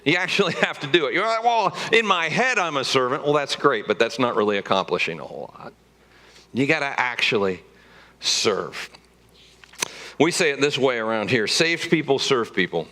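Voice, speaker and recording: A man's voice: mid-range voice, big pitch swings, moderate pace, pushed and bright. A man preaching a sermon as pastor of a church, in a conversational and joking way, with emphatic rises.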